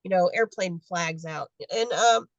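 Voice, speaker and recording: A woman's voice: lowish voice, a little slow, no room sound, dull audio. A woman in her fifties telling her story casually on a video call, acting out the dialogue of people she met. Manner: animated, acts out dialogue in quotes. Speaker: guest adoptee.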